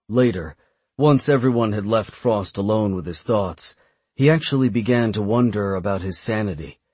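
A male audiobook narrator with a low, husky voice, reading steadily and measuredly. The sound is close and dry. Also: normal speed, darkish tone, dry recording. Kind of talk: scripted narration.

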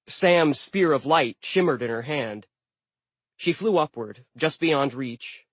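An audiobook narrator reads a first-person novel in scripted narration, his voice mid-pitched and even. He delivers it wryly and deadpan, in a dry, close recording with no room sound.

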